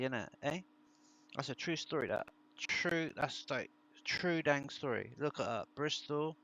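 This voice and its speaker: A man's voice: mid-range voice, creaky, sharp tone. A British man chatting casually to his viewers, telling rambling true stories with plenty of swearing. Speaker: streamer.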